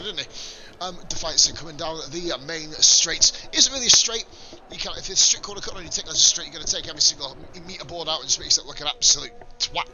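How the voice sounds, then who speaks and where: A man giving casual live commentary on a sim racing league stream, swearing and chatting with viewers between calls of the action. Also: fairly high pitch. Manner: casual, sweary, rambling banter with chat. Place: home streaming setup.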